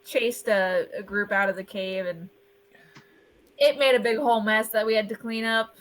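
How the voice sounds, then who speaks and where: A woman's voice: mid-range voice, steady tone, moderate pace, fairly bright tone. A woman playing a tabletop game, chatting casually at the table. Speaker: player.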